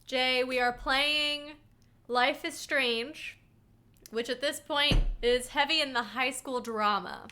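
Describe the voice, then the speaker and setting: A woman's voice: sits high, steady tone, slow, bright, forceful tone, smooth. A young woman giving playful let's-play commentary on a game and chatting to a viewer. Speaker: gaming streamer.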